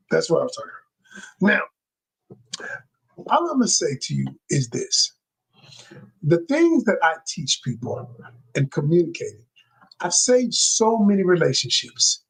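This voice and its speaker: A high, husky male voice that swings widely as he coaches a live-stream audience. He drives his points home by repeating them and calling his viewers y'all, like a preacher. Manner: emphatic, repetitive, preacher-like delivery addressing viewers as y'all. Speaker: communication coach. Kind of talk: live-stream teaching talk. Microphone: live-stream microphone.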